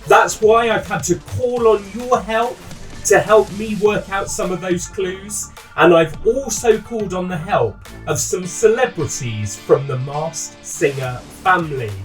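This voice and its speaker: Male podcast host, high and lively, upbeat presenter, a bit off-mic. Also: measured pace, far from the mic, faint music behind. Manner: upbeat presenter, eager questions. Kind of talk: podcast interview.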